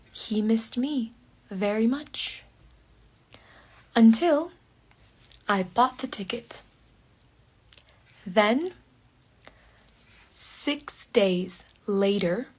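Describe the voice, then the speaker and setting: A woman telling a personal story very slowly in short, separate phrases, often dropping to a breathy half-whisper. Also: mid-range voice. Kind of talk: slow personal storytelling for learners.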